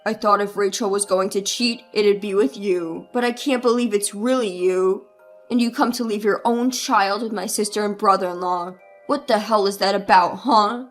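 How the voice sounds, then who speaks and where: A woman voicing a furious husband, a gruff former troublemaker confronting his friend. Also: medium pitch, fairly even intonation, unhurried, soft background music, pitched below the performer's own voice, close to an everyday voice. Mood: angry. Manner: angry, confronting.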